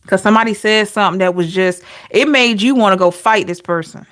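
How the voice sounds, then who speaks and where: A woman's voice: mid-range voice, brisk, a bit bright. A woman giving an intuitive tarot reading, emotional and talking straight to her viewers. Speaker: tarot reader.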